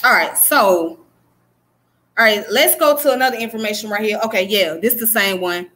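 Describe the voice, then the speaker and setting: A woman from the Southern US with a Southern accent leads a relaxed live-stream lesson. She talks quickly in a conversational way, with a bright, forward tone, and often checks in with "you know what I'm saying.". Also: medium pitch. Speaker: livestream host teaching history.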